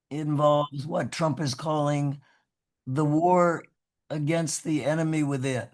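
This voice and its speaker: A man's voice: on the high side, fairly even intonation, slow, a little mellow. Scratchy-voiced man lecturing. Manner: discursive, with many restarts and "you know". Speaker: guest speaker, professor. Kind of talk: lecture-style talk on a video call. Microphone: video call microphone.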